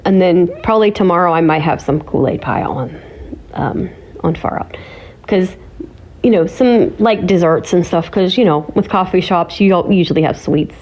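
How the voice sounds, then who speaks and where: A woman's voice: fairly low pitch, moderate pace, darkish tone. A woman from Ohio chatting casually to her viewers, giggly and teasing as she talks. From Ohio, USA. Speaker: vlogger. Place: home.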